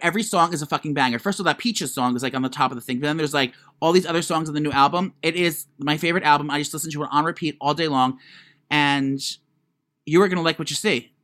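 A man co-hosting a podcast, chatting and gossiping in an animated way, stammering and swearing, with lots of fillers. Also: a little high, fast talker. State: congested, has to blow his nose. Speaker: podcast co-host. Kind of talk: casual gossip chat.

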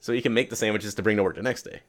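A man's voice: lowish voice, steady tone, racing, a little hiss or hum. A man co-hosting a comedy podcast, rambling and chuckling in casual banter. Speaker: podcast co-host.

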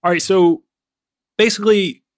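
A man co-hosting a film podcast in casual chat, rambling with lots of fillers and quick laughs. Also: high voice, steady tone, dry recording, clean studio sound. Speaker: podcast co-host.

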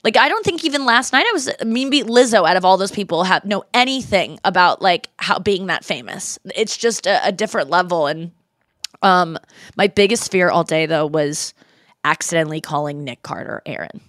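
A woman in her thirties hosting a podcast, telling stories in a casual, animated way and quoting people in her own voice. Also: on the low side, normal speed, no room sound, clean studio sound. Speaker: podcast host. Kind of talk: casual chat.

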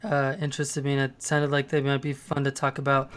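A man hosting a casual interview, with a smooth, clear voice. He asks his questions in a relaxed, curious way. His pitch sits in the middle. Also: fairly quick. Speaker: podcast host.

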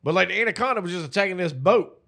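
A man in casual movie-review banter, animated and profane, joking a lot. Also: sits high, racing, gravelly, breathy edge. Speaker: podcast co-host.

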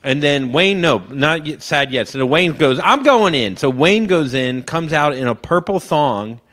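A man co-hosting a podcast, telling a long story and acting out loud shouted quotes. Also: a little high, a little slow. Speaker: podcast co-host. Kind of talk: casual chat.

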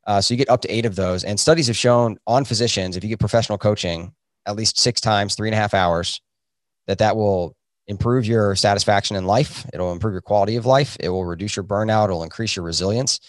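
Speaking a little fast in a fairly low voice, a physician and coaching program founder responds to podcast interview questions. His answers are earnest and reflective, full of fillers, captured in clean studio sound with no echo.

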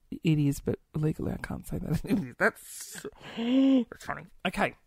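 Giggly chatty woman, lively pitch. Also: measured pace, gravelly, husky, no room sound, clean studio sound. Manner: giggly, chatty, playful, with gasps and little asides. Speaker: livestream host. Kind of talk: casual chat, reading viewer comments.

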